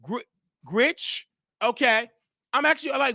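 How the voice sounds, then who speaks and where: High-pitched man telling a story. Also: moderate pace, dry recording, clean studio sound. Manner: animated, acts out quoted exchanges. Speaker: host. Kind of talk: casual commentary storytelling.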